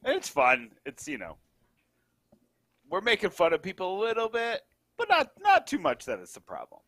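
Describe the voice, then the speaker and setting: A man's voice: high-pitched, normal speed, dry recording. A man who edits a sports site, chatting casually as a guest on a podcast, joking and drifting into asides. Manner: animated, jokey, trails off into asides.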